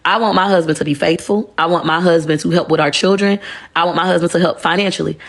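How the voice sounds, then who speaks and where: A woman's voice: lowish voice, steady tone, fast talker. A woman, ranting bluntly and profanely on a phone livestream. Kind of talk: casual rant on a livestream.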